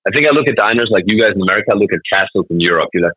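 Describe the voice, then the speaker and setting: A man chats quickly in a bright, forceful voice. He tells stories with plenty of energy and laughs often. The sound is close and dry. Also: lowish voice, husky, dry recording, dull audio. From Germany. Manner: animated storytelling, laughs often. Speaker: comedian guest. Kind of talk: casual interview chat.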